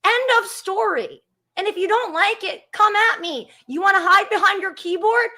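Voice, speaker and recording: A woman's voice: very high voice, moderate pace, pushed and bright. A woman in her thirties, a guest on a live call-in show, talking in a heated, profane rant. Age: 30s. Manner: fired up, ranting with profanity. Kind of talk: heated live-stream chat.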